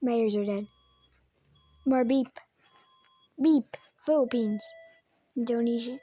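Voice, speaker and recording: High-voiced woman giving offhand jokey verdicts. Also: steady tone, measured pace, mellow, husky, faint music behind. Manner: offhand, joking, blunt verdicts. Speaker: video creator rating alarm sounds. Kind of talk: casual reaction commentary.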